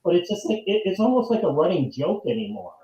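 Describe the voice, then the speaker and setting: A man in his forties with a fairly high voice, chatting about movies in an animated, rambling way. He keeps circling back with "it's like" and throws in mock outbursts. His mic picks up an echoey room. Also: fast. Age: 40s. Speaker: co-host of a movie podcast. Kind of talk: casual chat.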